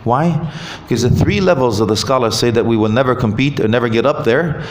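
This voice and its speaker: A man giving a lively talk on marriage at a mosque, asking the audience questions and joking. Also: medium pitch, fairly quick, a little hiss or hum. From Canada. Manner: animated, asks the audience questions, jokes. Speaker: visiting Islamic speaker. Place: mosque hall. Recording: roomy hall with faint ambience.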